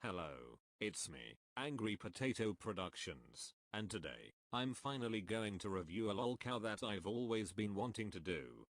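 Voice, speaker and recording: A man's voice: on the low side, dry recording. A man reviewing someone online in casual, blunt, sarcastic commentary with swearing. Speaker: video commentator.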